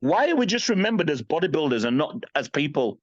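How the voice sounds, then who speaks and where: With a slightly high, sing-song delivery and a fairly quick pace, a man in his fifties talks openly as a guest on a podcast. He comes across as blunt and emphatic, swears freely, and regularly asks "you know what I mean." The dry recording sounds a bit dull and lo-fi.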